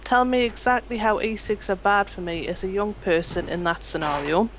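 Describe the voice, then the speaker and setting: A woman with a mid-range voice reads viewer comments aloud at a brisk pace. She sounds lightly amused, and faint noise murmurs in the background. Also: mid-range voice, low-quality recording. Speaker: chat reader.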